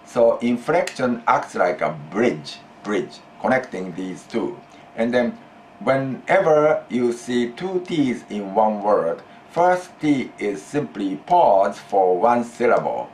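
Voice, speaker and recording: A Japanese man with a Japanese accent teaching a language lesson, deliberate and repeating key phrases while stretching out example phrases. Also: mid-range voice, big pitch swings, a little mellow, a little hiss or hum.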